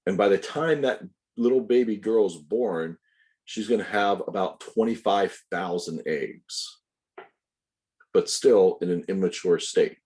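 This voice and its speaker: In a recorded lecture, a male anatomy instructor speaks in a deep voice with a dark, mellow tone. He goes through each point step by step, stopping to correct himself and to offer asides to his students.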